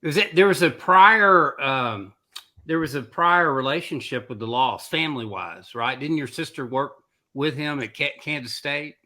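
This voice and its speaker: Host: man with a bright, forward voice, asking meandering questions. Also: a little high, animated, moderate pace. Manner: asks long, winding questions. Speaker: podcast host. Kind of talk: interview questions.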